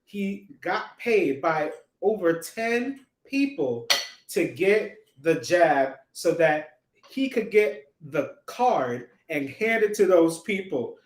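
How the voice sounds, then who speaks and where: A man hosting a casual livestream, telling stories in an animated way, repeating lines for effect and laughing along. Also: sits high, slow, roomy sound. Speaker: host.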